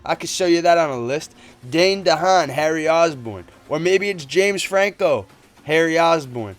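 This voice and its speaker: A young man giving casual, excitable commentary on a movie trailer, rambling and slangy. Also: a little high, moderate pace. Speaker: movie trailer breakdown YouTuber.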